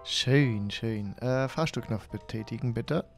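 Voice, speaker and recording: A man gives casual let's-play commentary in a medium-pitched voice. He chats to himself and pokes fun at his own mistakes as he plays. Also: measured pace, gravelly, soft background music. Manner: chatty, self-mocking talk to himself.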